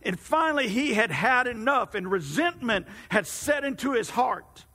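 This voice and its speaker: A man preaching a sermon, telling a story in an animated, halting way in a large hall. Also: extremely high pitch. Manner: animated, halting narration with repeated restarts. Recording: long hall reverb.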